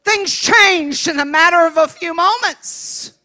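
A woman evangelist with a high, bright voice tells a folksy story from the pulpit. She drops to hushed asides, then rises into shouted preaching. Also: a little slow. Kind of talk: sermon storytelling.

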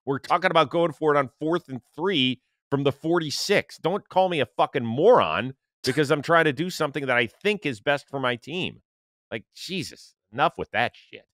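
A lively man hosting a football podcast, his bright voice swinging up and down as he rants. He talks casually and swears freely. The sound is close and dry. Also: on the high side, dry recording. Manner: animated, profane, quick to rant. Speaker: podcast host. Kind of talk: casual sports chat.

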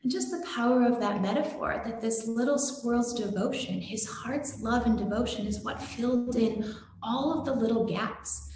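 A woman giving a gentle, devotional sermon and telling a story, with some fillers. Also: fairly high pitch, normal speed. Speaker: satsang speaker. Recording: very echoey room.

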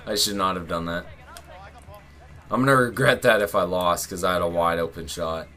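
Young male gaming host, bright forward tone, relaxed chatter that spikes into excited yells. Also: deep voice, normal speed, soft background music. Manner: excitable, yells and laughs at close plays. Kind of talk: casual gameplay commentary.

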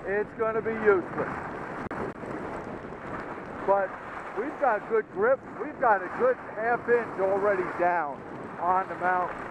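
Excited guy w/ new doing a snow report on the slopes, high voice, wind blasting the cam mic. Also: unhurried, long pauses. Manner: enthusiastic, folksy, talking while skiing. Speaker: ski vlogger giving a snow report. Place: outdoors on a snowy ski mountain. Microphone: action camera on the skier. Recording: lo-fi action camera with wind noise.

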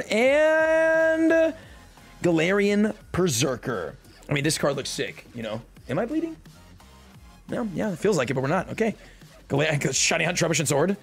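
A young man excitedly opening card packs on a live stream, joking and talking slangily to his chat. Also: high voice, vocal fry, husky. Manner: hyped, jokey, talks to chat, slangy.

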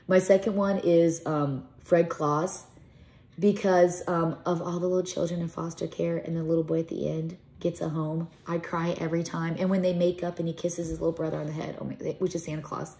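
A woman's voice: fairly low pitch, little pitch movement, a little fast. A middle-aged woman vlogger, a mother, chatting casually to camera in a rambling, emotional way. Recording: echoey room with soft music.

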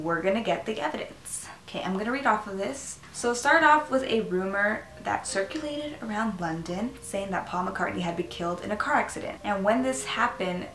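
Excitable young woman in an echoey room. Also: mid-range voice. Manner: rambling, excitable, easily spooked, lots of "um" and "like". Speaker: vlogger. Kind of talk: casual chat to camera. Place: small room indoors, seated at a laptop.

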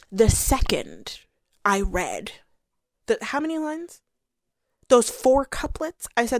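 A woman's voice: medium pitch, huge pitch swings, unhurried, no room sound, studio quality. A woman giving a casual, sarcastic and exasperated rant review of a book on her channel.

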